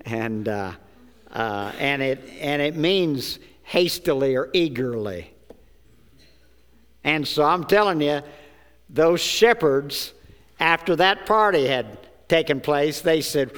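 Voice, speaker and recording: High, bright-voiced preacher in a reverberant church. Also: male voice, animated, takes it slowly, clear, resonant tone. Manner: preaching with call-and-response and joking asides. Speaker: pastor. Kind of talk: sermon. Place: church sanctuary. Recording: long church hall reverb.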